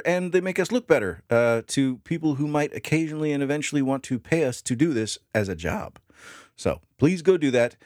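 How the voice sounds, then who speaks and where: A man's voice: fairly high pitch, a little mellow, dry recording, clean studio sound. A man co-hosting a podcast, bantering casually with sarcastic jokes and frequent laughter. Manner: sarcastic, joking, laughs often. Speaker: podcast co-host.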